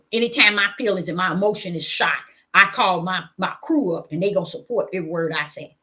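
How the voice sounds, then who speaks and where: A woman's voice: fairly low pitch, brisk, few pauses, a bit bright. A woman delivering an impassioned sermon straight to her audience. She scolds and repeats phrases for emphasis, pressing her points again and again. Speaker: self-styled preacher. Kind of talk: impassioned preaching to camera.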